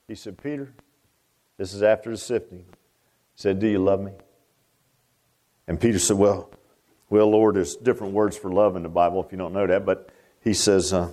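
A man preaching a fervent sermon. He climbs high and loud, then drops low and quiet, and repeats his words as he goes. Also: normal speed.

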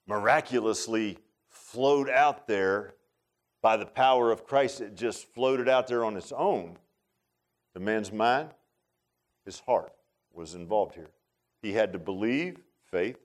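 Delivering a sermon in a mid-range voice, this pastor keeps things lively and casual. He repeats words frequently and tosses joking remarks to his congregation.

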